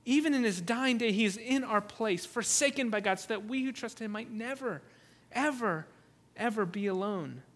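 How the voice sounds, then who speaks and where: Male pastor, high bright voice, earnest sermon delivery with frequent restarts. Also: normal speed. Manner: earnest, repeats words when restarting, rises to loud cries on emphasis.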